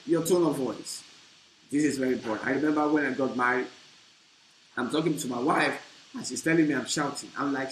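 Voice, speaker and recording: A man preaching a teaching on marriage, with an emphatic delivery that swells into loud bursts. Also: mid-range voice, brisk. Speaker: pastor. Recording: echoey room with faint hiss.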